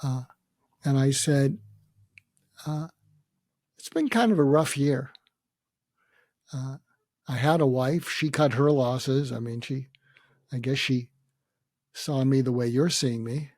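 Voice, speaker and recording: An older man, a podcast guest, telling a personal story reflectively, pausing often and quoting what others said. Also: medium pitch, darkish tone, dry recording, studio quality. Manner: reflective, with many hesitations and quoted dialogue. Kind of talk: storytelling in a conversation.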